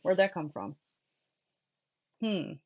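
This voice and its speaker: A woman's voice: fairly low pitch, big pitch swings, slow pace, highs cut off, noisy background. A woman hosting a casual livestream chat, talking bluntly, swearing freely and laughing often. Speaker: host.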